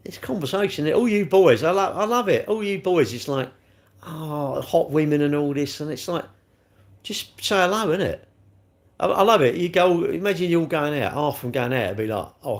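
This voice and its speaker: A man's voice: fairly high pitch, animated, moderate pace. A man rambling and joking as he answers chat comments on a live stream. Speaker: livestreamer reading chat.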